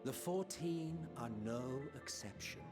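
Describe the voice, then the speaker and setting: Troubled scholar leader, formal archaic speech, loud game music behind. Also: male voice, medium pitch, animated, slow pace. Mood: earnest. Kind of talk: video game voice acting. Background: game score music.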